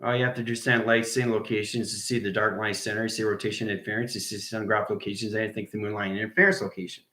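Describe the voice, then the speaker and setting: Echoey, bright-voiced man rambling to viewers. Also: lowish voice, flat delivery, rapid-fire. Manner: enthusiastic, repetitive, drifts into whispers. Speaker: online spiritual teacher. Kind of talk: rambling livestream talk to viewers.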